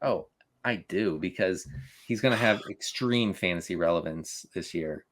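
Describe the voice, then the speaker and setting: A man co-hosting a casual fantasy football podcast, talking with quick restarts, stammers and frequent laughs. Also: deep voice, fairly bright tone. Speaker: fantasy football analyst co-host.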